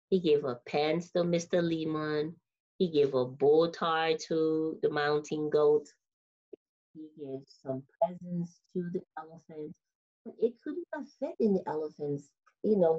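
Slow, animated woman reading to kids. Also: fairly low pitch. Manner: animated, chatty, stumbling over Spanish words. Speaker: children's book reader. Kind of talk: reading a picture book aloud to kids. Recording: slightly dull lo-fi sound.

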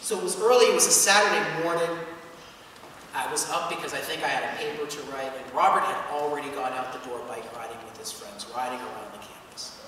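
Bright-voiced pastor preaching in an echoey hall. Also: male voice, mid-range voice, fairly quick, a little hiss or hum. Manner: storytelling that builds to loud, fervent preaching. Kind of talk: sermon. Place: church sanctuary. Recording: echoey church hall from far off.

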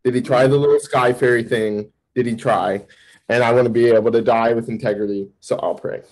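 A man, a campus minister, giving a candid personal testimony in an interview, telling it vividly with sudden jumps in pitch. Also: fairly even intonation, brisk, darkish tone, rough recording.

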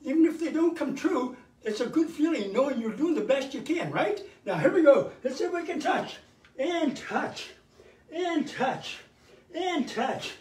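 High, lively older man coaching a workout. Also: a little slow, far from the mic. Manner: energetic, cheering coaching with counted cues. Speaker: fitness show host. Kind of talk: live workout instruction. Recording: roomy sound from away from the mic.

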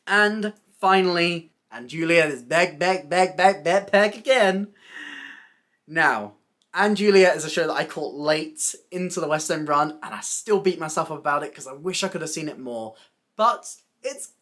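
A woman's voice: fairly low pitch, a bit bright. A young woman hosting a casual theatre news recap, chatty and enthusiastic with frequent laughs.

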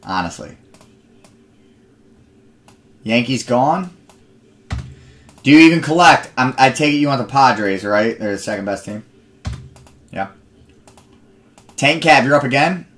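A man's voice: medium pitch, expressive, measured pace, long pauses, fairly bright tone. A young man hosting a live card break stream, chatting with viewers and rambling into stories between picks.

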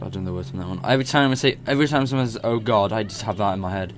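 A young man casually commenting on his own gameplay, rambling and excitable, swearing and laughing as he goes. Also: fairly low pitch, quick pace, over music.

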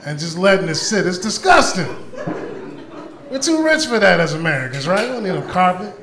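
Man, stand-up comic, high lively voice, gravelly edge, echoey club, crowd laughing. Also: fairly quick. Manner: loud, animated crowd work with profanity. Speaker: stand-up comedian. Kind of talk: stand-up comedy set. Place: comedy club stage before a live audience.

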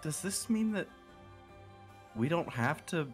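A man teases a friend over a voice call during a tabletop game session, laughing between his jabs. His voice is high and light. Faint music plays in the background. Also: very animated, slow. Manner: teasing, laughing. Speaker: player. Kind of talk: casual chat on a voice call.

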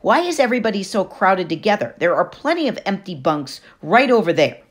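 A woman narrator voices a twelve-year-old boy in an audiobook, defensive and full of questions. His pitch leaps up when he argues. He sounds stubborn but unsure. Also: very animated, fairly quick.

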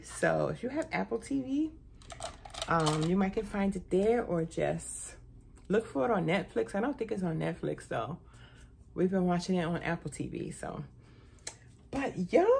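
In her haul vlog, this chatty middle-aged woman keeps dropping "y'all," and excitement sends her pitch soaring. Her voice is gravelly and slightly rough.

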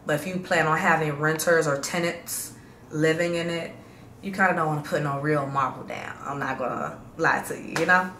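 A woman's voice: deep voice, steady tone, normal speed, bright, forceful tone. A woman from Chicago talking casually to her viewers in a slangy, chatty vlog update that gets hyped up. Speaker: vlogger. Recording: roomy echo, faint background hum.

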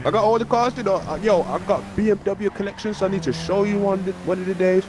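A man's voice: sits high, fast, noisy background. A man chatting casually with a friend in a laid-back, slangy way. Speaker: friend on the line. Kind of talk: casual chat. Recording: music playing behind the voice.

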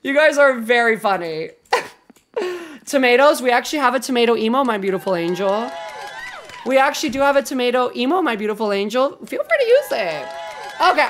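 A woman streams a game and chats with her viewers, her voice pitched high and swinging widely up and down. She is expressive and loose, swearing freely one moment and cooing sweetly to her chat the next. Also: a little hiss or hum. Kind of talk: casual live-stream chat while gaming.

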